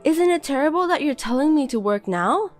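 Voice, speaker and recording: Woman doing a higher, pleading young housewife. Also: animated, fairly quick, faint music behind. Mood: defensive. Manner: pleading and defensive. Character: tired, hurt young housewife. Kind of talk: reading a text-message story.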